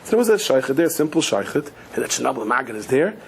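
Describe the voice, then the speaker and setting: A man's voice: rapid-fire, creaky, a little hiss or hum. A man, a rabbi giving a Torah class, telling stories with light humor and acting out quoted voices, mixing in Yiddish and Hebrew words. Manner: animated storyteller, acts out quoted voices with sudden high pitch.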